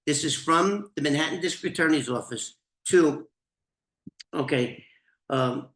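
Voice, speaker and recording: A middle-aged man with a New York accent telling an old story, animated and swearing freely. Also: a little high, unhurried. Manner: animated, swearing, restarts, laughs. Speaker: storyteller, former informant. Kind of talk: casual storytelling to camera. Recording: echoey room.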